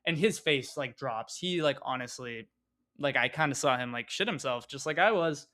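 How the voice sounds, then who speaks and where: A man's voice: mid-range voice, animated, normal speed, bright, forceful tone. A young man telling a personal story in a casual, rambling way, full of fillers and swearing. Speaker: vlogger.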